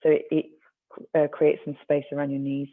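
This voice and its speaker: Gravelly stretching instructor, tinny sound. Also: medium pitch, completely flat delivery, moderate pace. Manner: gentle, encouraging, with light self-mocking asides. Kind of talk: guided stretching class.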